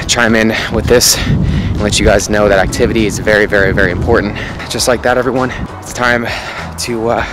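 A young man talking casually to his viewers in a food vlog, chatty and upbeat, calling them folks and guys. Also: fairly low pitch. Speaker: food vlogger. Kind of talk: casual vlog talk to camera.

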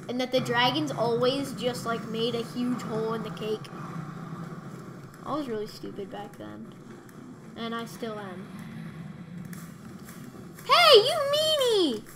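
A young woman narrating her Minecraft rounds as a gaming YouTuber, her voice sitting on the high side. She drawls slowly, then breaks into excited squeals and shouts at each turn of the game. Her mic picks up a steady hiss and clicks from the keyboard and mouse. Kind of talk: Minecraft let's play commentary.

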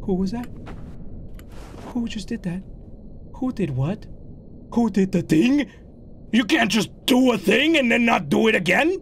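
A man's voice: high-pitched, very animated, moderate pace, gravelly, pauses often, a little hiss or hum. A man giving frantic horror-game commentary as a gaming YouTuber, yelping, swearing and slipping into Spanish.

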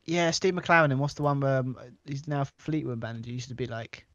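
A man talks through a football management game in loose, rambling chat, stopping and restarting his thoughts as he goes. His voice sits at an ordinary pitch for a man. The recording is dry and slightly muffled, like a home desk mic. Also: brisk, fairly bright tone, no room sound. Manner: rambling, full of fillers and restarts. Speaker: co-host of a video game series. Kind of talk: casual gaming chat.

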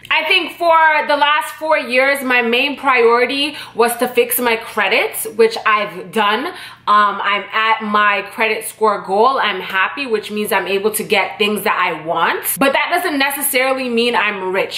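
Rambling young woman, bright echoey voice. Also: a little high. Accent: Jamaican-tinged English. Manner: rambling, chatty, blunt and profane. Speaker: YouTuber. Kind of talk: casual direct-to-camera vlog. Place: her home condo. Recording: echoey room.

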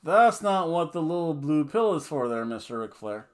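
A man's voice: on the high side, big pitch swings, moderate pace. A man giving a casual, rambling, jokey wrestling review full of fillers and restarts.

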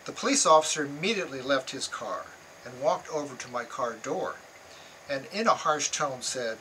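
An older man reading aloud from his own memoir in a measured, earnest way. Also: medium pitch, expressive, bright, forceful tone, a little hiss or hum, rough recording.

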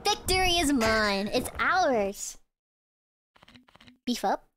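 A woman streamer giving excitable, giggly game commentary, often stammering and shouting. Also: fairly high pitch, slow, a little hiss or hum. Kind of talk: game let's-play commentary. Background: game music.

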